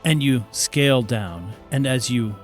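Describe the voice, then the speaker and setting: A man's voice: medium pitch, animated, soft background music. Playful man running a tabletop game. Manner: brisk, playful narration. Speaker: game master.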